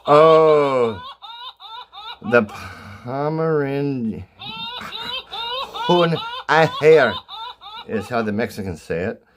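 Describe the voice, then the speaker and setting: A man's voice: medium pitch, slow. A man hosting an irreverent comedic walkthrough of a bird sound book, swearing freely and rambling between mock-serious asides. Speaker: host reading through a bird sound book. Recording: noisy recording with bird calls playing. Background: bird calls played from a sound book.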